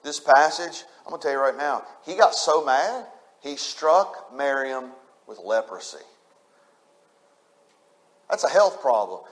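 A man's voice: medium pitch, lively intonation, unhurried, long pauses. A man preaching a sermon, repeating his points with emphasis and speaking straight to the congregation. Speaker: pastor.

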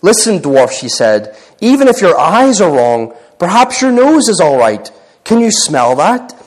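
A man voicing an earnest young girl from a storybook, pleading and gentle. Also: high-pitched, sing-song, measured pace, exaggerated voice.

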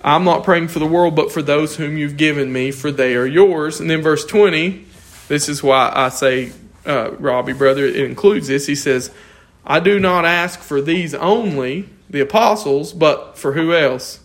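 Lively man leading a Bible study. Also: fairly high pitch, unhurried. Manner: lively, questioning, often chuckling. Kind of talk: informal scripture teaching.

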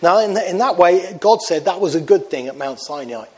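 A man's voice: sits high, expressive, fairly quick, darkish tone. A middle-aged man preaching a sermon to his congregation, earnest, often putting questions to his listeners. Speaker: pastor.

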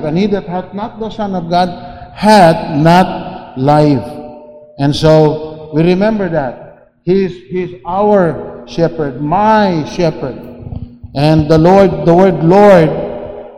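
A man preaching a sermon slowly, often restarting and repeating phrases, heard in an echoey hall. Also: high-pitched, warm tone. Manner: slow, repetitive, with many restarts and fillers. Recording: echoey hall with long reverb.

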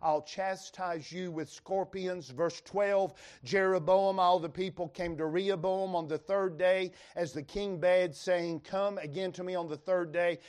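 A man's voice: high voice, fairly even intonation, measured pace, hardly any pauses, a little mellow, clean tone. A man with a Western North Carolina accent preaching a sermon in a folksy, emphatic way, reading scripture aloud to the congregation. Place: church revival service.

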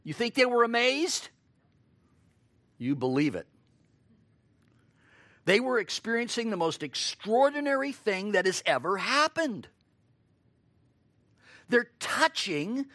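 Slow, lively-voiced male preacher. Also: high-pitched, no room sound. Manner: expressive, acts out quoted lines; rhetorical questions to the listeners. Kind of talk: sermon.

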